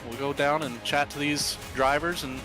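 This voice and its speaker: Emotional race commentator over music. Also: male voice, on the high side, fairly even intonation, moderate pace. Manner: emotional, warm-hearted, thankful. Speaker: broadcast commentator. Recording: music playing behind the voice.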